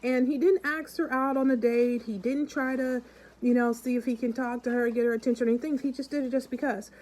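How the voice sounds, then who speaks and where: Chatty woman vlogger with a mellow voice. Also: fairly high pitch, steady tone, brisk, low-quality recording. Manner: chatty, keeps calling out to the viewers; acts out the people in her stories. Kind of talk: casual chat and storytelling to viewers.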